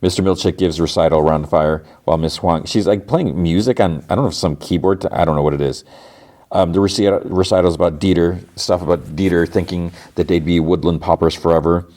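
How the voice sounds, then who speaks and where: Deep-voiced man recapping a show. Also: steady tone, a little fast, mellow. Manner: retells scenes acting out characters' lines. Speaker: podcast host. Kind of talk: casual episode recap.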